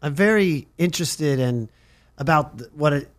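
A man's voice: a little high, animated, moderate pace. A man hosting a recovery radio show, talking in a rambling, jokey, enthusiastic way. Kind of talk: casual interview chat. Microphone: studio mic, on camera.

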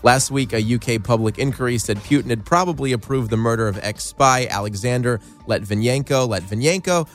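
A man hosting a radio morning show, reading news in a measured way and joking easily with his co-hosts. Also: mid-range voice, faint music behind. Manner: measured newsreader delivery that gives way to easy laughter.

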